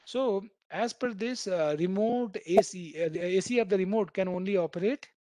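A man's voice: high-pitched, normal speed, dark tone, no echo. A man teaching a programming class, explaining with everyday comparisons and checking in with students by asking "right?" after nearly every point. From India. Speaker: programming instructor. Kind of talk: live online coding class.

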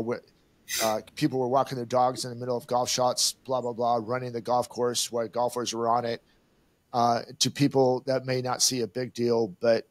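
An older man co-hosting a podcast, telling a story in casual chat and acting out the exchanges he quotes. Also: mid-range voice. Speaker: podcast co-host.

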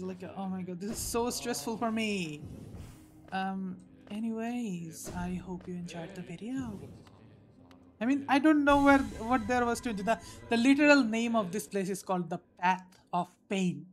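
A woman hosting her gaming channel, giving casual gameplay commentary. She swears freely and rants, jumping between loud outbursts and mumbled asides. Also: mid-range voice, slight background noise.

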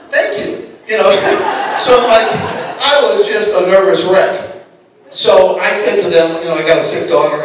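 A man in his forties telling a comic story on stage to a live audience, animated and exasperated, swearing freely. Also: high voice. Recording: echoey hall, distant mic, audience laughter.

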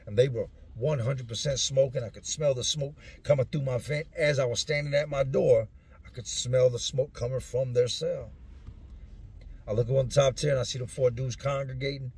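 A man's voice: mid-range voice, creaky, darkish tone, breathy edge. A man telling stories from his own past in a casual way, using street slang. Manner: street slang, acts out other people's voices. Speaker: storyteller recounting his prison years. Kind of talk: casual spoken storytelling.

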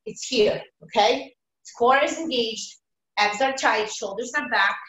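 A woman's voice: on the high side, measured pace, a bit bright. A woman fitness instructor leading a live online workout, energetically calling out counts and form cues. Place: home workout room on a video call. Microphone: video call, away from the mic. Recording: echoey room, distant mic.

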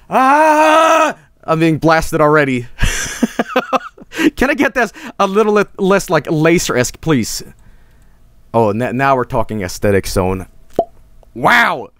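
An excitable male streamer talks through his screen in loose, rambling commentary. His voice leaps up and down in pitch, often cracking into high squeals of delight. The sound is close and dry, with no room echo. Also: normal speed.

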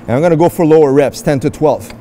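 A man's voice: on the high side, quick pace, mellow, a little hiss or hum. A man in an indoor gym demonstrating and explaining a workout, in an upbeat coaching manner that speaks straight to his viewers. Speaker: fitness vlogger.

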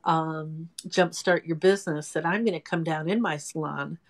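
A woman's voice: low voice, fairly even intonation, normal speed. A woman in her sixties, a guest chatting casually and self-deprecatingly about her work as a home nail technician. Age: 60s. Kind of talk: casual interview chat.

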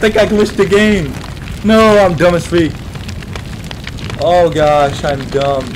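A young man giving panicky let's-play commentary on a horror game, yelping and shouting when scared. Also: fairly high pitch, fairly even intonation, slow, a little hiss or hum. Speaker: gaming streamer. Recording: game music playing loudly behind.

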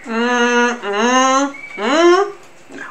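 Woman, streamer, casual chat, bright voice, animated pitch, sniffly and pained, roomy off-mic sound. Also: drawn-out words, recorded from a distance, slight background noise. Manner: exclaiming and laughing, talks to chat. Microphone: desk mic, sometimes clipping.

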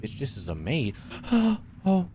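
A man's voice: medium pitch, huge pitch swings, takes it slowly, warm tone, slight background noise. A young man streaming a horror game, jumpy and swearing a lot as he talks to his chat and to himself. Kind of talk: live horror gameplay commentary.

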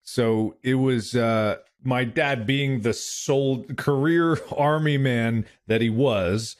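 A man's voice: medium pitch, takes it slowly. A man co-hosting a podcast, telling a story in casual chat and acting out the voices of the people in it. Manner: animated, acts out voices while telling stories. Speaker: podcast co-host.

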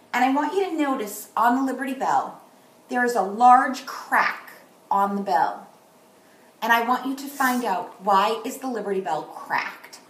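A woman teaching a kindergarten morning meeting on video, speaking slowly and gently and stressing key words for young children. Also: mid-range voice, echoey room, far from the mic, low-quality recording.

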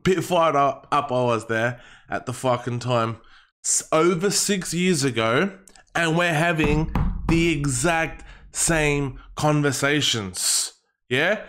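Young guy raging about his club, high voice, swears every other word, keeps repeating himself. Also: a bit bright. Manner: heated, swearing, emphatic and repetitive. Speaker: football fan vlogger. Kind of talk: angry fan rant to camera.

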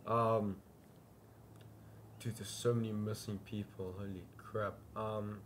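Playing a horror game for his channel, this young YouTuber keeps the let's-play commentary casual, says "dude" constantly and shouts when something startles him. He has a lowish voice with a flat delivery, taking it slowly over slight background noise.

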